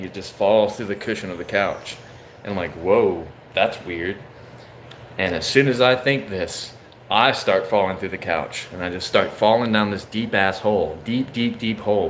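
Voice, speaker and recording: Low voiced young guy telling a story, swears a lot, says bro, bit of background hiss. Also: fairly bright tone. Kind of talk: casual storytelling.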